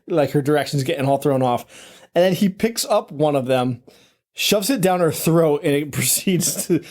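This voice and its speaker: A man with a somewhat high voice co-hosts a horror movie podcast. He jumps in with excited, casual remarks, laughing and cursing as he talks. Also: moderate pace. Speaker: podcast co-host. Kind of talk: casual movie recap chat.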